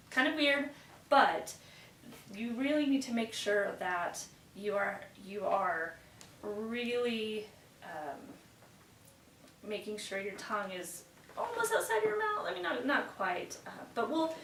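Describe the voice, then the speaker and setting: A woman's voice: medium pitch, fairly bright tone, distant mic. A woman teaching English pronunciation to a class, praising students often and reciting tongue twisters with care. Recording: roomy echo, voice away from the mic, faint background noise.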